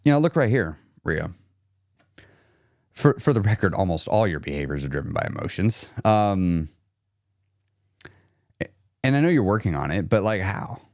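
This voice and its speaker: A man coaching a viewer bluntly, challenging her with rapid-fire questions and frank examples. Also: sits low, very animated, darkish tone, no room sound, studio quality. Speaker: weight-loss coach. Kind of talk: direct coaching talk to a viewer.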